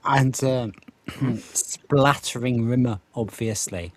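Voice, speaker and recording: A man's voice: mid-range voice, crowd noise. A man co-hosting a podcast who speaks hesitantly in casual chat, stopping and restarting his points. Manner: hesitant, halting with fillers and restarts. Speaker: podcast co-host.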